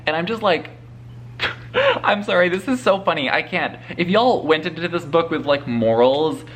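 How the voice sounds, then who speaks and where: A man's voice: a little high, expressive, moderate pace, fairly bright tone, slight background noise. A man chatting casually in a vlog about a book he is reading, swearing freely and laughing often. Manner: profane, gushing and laughing often. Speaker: book vlogger. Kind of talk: casual spoiler vlog talk.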